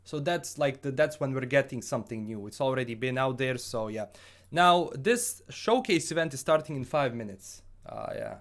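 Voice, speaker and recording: Man, Bosnian accent, gaming livestream host, casual chat, upbeat, rambling, mid-range pitch. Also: expressive, moderate pace, fairly bright tone. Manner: upbeat and chatty, rambling with frequent restarts. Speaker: gaming YouTuber hosting a livestream. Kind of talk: casual livestream chat, answering viewer questions.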